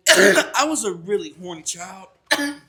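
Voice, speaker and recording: High, bright-voiced man telling a rambling story. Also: lively intonation, slow pace. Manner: rambling, profane, laughing as he tells it. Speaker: podcast co-host. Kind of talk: casual storytelling chat.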